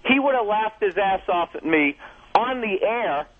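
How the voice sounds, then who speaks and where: A man's voice: high-pitched, lively intonation, unhurried. A man comedian ranting profanely and defensively in a heated on-air argument, heard over a tinny phone line. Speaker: comedian guest.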